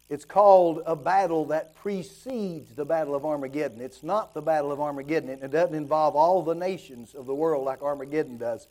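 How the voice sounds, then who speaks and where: Pastor, male, high and mellow, impassioned sermon delivery with rhetorical questions.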